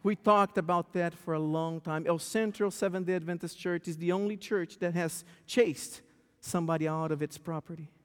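A male pastor preaching a sermon, telling a story with lively, stammering restarts. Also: a little high, moderate pace, clear, resonant tone. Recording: long church hall reverb.

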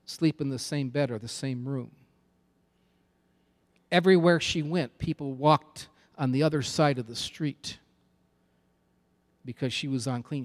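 A man preaching a sermon with an emphatic, repetitive cadence. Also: on the high side.

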